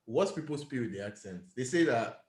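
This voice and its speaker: A man's voice: mid-range voice, lively intonation, fairly quick, darkish tone. Guy cohosting a chat podcast, keeps pushing his point, echoey room. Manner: emphatic, repeats himself when making a point. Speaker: podcast co-host. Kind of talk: casual chat. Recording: roomy echo.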